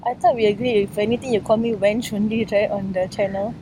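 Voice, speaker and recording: A woman co-hosting a podcast outdoors, chatting playfully and telling stories with a teasing edge. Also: brisk. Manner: playful, teasing, animated storytelling. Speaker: podcast co-host. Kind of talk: casual chat. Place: outdoors on a lawn by a city street. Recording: faint traffic rumble outdoors.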